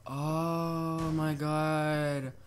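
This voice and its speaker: A man giving casual, excitable gameplay commentary, laughing and swearing as he plays. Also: on the high side, drawn-out words, smooth. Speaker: gaming video host.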